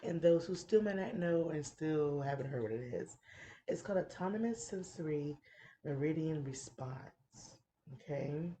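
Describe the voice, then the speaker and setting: A woman hosting a casual chat, playful and giggly, who sometimes drops into soft whispers. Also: deep voice, a little slow, slight background noise. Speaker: podcast host.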